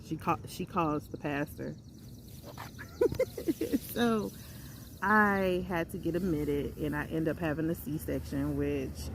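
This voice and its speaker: Young female vlogger, lower register with some vocal fry, casual storytime delivery, animated and chatty. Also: background noise. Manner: chatty, animated, acts out others' voices when quoting. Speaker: vlogger telling a personal story.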